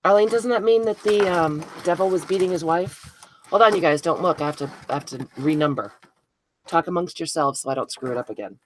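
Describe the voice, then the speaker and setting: A craft video host runs a live stream, speaking in a lowish, brisk voice over slight background noise. She chats casually, addresses viewers by name, and pokes fun at her own mistakes.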